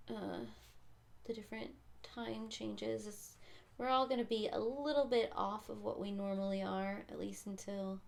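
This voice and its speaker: A woman's voice: medium pitch, steady tone, measured pace, creaky. A woman, a young adult, hosting a casual livestream as she colors, rambling and self-deprecating, sometimes dropping to a whisper. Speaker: livestream host.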